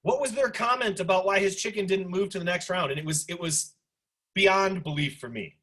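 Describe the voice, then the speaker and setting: A man in his forties teaching a sociology class over a video call, animated and chatty, full of asides. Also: high-pitched, brisk. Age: 40s. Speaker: sociology instructor. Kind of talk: online class discussion lecture.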